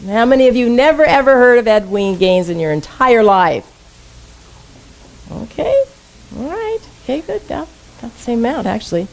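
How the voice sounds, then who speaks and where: A woman's voice: mid-range voice, a little mellow, poor audio. Lady minister preaching in church, chatty, keeps asking the room stuff. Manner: conversational, asks the congregation questions. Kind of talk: sermon. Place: church sanctuary.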